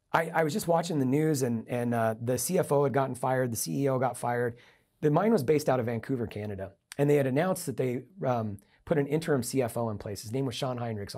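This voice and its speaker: A man's voice: medium pitch, darkish tone. A middle-aged man, a podcast guest, telling a personal business story and acting out the dialogue. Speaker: guest, entrepreneur and investor.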